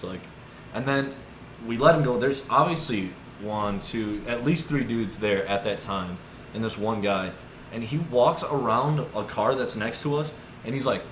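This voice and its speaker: A man's voice: fairly low pitch, normal speed. A young man in his twenties telling rambling stories in casual chat, full of "like" and "dude". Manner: rambling, lots of "like" and "dude", animated retelling. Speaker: podcast co-host. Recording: echoey room with background noise.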